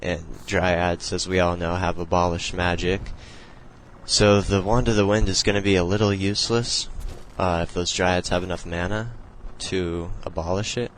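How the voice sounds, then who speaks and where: A man's voice: sits low, flat delivery, normal speed, a little hiss or hum, poor audio. A young man casually talking through a strategy game replay, explaining moves in a loose, rambling way with many fillers. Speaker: replay commentator.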